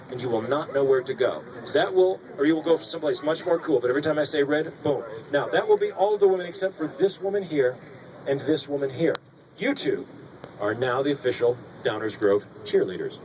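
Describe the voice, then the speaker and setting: A man's voice: on the high side, a little fast, crowd noise. A man working as a stage hypnotist, giving commanding, theatrical suggestions and teasing his volunteers on stage. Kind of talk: stage hypnosis show patter. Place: school auditorium stage. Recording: noisy live audience recording.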